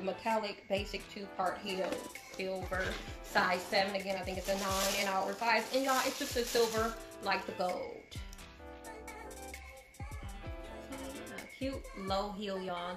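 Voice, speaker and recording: A middle-aged woman vlogs a shopping haul, chatting casually and speaking straight to her viewers as "y'all." Her voice is mid-range and the sound is roomy.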